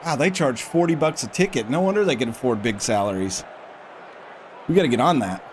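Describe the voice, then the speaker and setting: A man's voice: medium pitch, lively intonation, a little fast, slight background noise. A man streaming a football management game, chatting casually and reading the game's prompts aloud as he reacts to them. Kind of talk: casual gameplay commentary.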